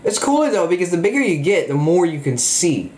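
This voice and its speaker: Hyped gamer dude yelling at the screen, pitch jumping all over, kinda echoey room. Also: male voice, brisk. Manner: excitable, exclamatory, jokey. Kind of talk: excited gameplay commentary.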